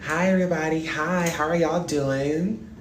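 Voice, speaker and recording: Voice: medium pitch, fairly even intonation, normal speed, slight background noise. A live stream host chatting casually and greeting viewers one by one in an upbeat way. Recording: echoey room with faint music.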